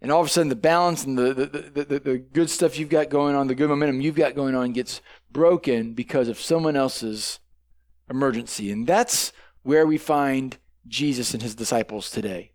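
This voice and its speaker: A man's voice: mid-range voice, normal speed, a little mellow. A man delivering a sermon in a conversational way, often tagging his points with "right?" and restarting his sentences. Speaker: pastor.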